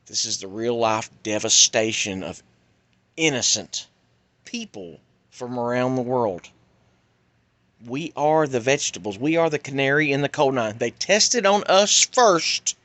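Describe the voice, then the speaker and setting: A man delivering an urgent, pleading monologue that swings between loud outbursts and hushed warnings. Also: lowish voice. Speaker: vlogger. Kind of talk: impassioned monologue.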